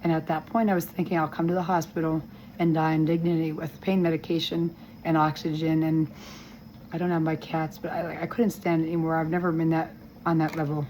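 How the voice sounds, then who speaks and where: A woman recording a personal update from a hospital room, talking in an earnest, rambling and halting way with a weak, strained voice that breaks with emotion. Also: low-pitched, little pitch movement, warm tone, a little hiss or hum, low-quality recording. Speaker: vlogger giving a health update.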